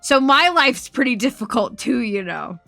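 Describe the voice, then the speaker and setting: Bright, high-voiced woman streamer. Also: lively intonation, moderate pace, vocal fry, no echo, faint music behind. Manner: laughing storytelling, profane. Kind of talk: casual chat.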